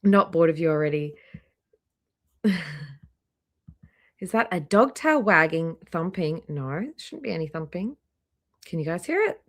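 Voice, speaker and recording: A woman hosting a casual live stream, chatty and greeting viewers by name one after another, a little hoarse, talking into a laptop microphone indoors. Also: lowish voice, sing-song, unhurried, long pauses. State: slightly hoarse, clearing throat. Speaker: livestream host. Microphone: laptop microphone near trackpad.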